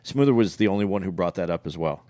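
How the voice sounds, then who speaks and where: A man's voice: sits low, expressive, fast talker, warm tone, no echo. A man co-hosting a podcast in casual chat, hesitant and full of fillers. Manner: hesitant, filler-heavy commentary. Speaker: podcast co-host.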